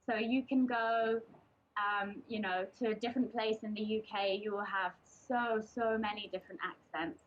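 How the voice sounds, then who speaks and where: A woman's voice: mid-range voice, steady tone, normal speed, slight background noise. A young woman from England giving a casual, chatty presentation to a group, hesitating often with ums and restarts. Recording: dull lo-fi recording.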